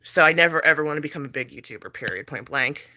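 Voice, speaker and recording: A woman's voice: low voice, expressive, quick pace, pushed and bright. A pregnant woman vlogging in casual chat, blunt and chatty, swearing freely and laughing between thoughts.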